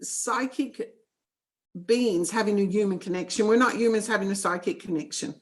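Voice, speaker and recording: A woman's voice: medium pitch, moderate pace. A middle-aged woman with a New Zealand accent, a psychic medium speaking frankly and firmly in a casual interview. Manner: frank, firm and matter-of-fact.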